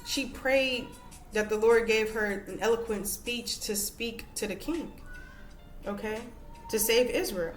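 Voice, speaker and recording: A woman's voice: medium pitch, fairly even intonation, measured pace, echoey room, soft background music. A woman teaching women from scripture in a conversational way, reading verses aloud and checking in with "all right" and "okay". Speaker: women's Bible study teacher.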